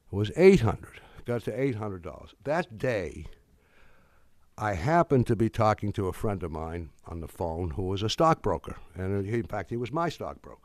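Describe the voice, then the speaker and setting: An older man giving a talk, telling a story in a rambling way with many restarts and voiced pauses, acting out the dialogue. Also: lowish voice, a little mellow, dry recording, studio quality. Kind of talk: anecdotal lecture.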